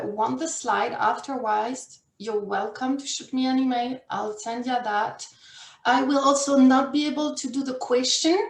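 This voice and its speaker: A woman's voice: high voice, reverberant. A woman in her forties with a French accent, giving an earnest online workshop talk as a life coach, full of fillers and restarts. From France.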